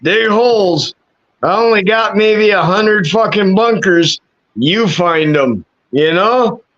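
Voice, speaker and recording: High-voiced, crude, joking man. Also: animated, slow, a bit bright, dull audio. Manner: crude, joking, swears heavily. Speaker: podcast co-host. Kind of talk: casual chat. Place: at home.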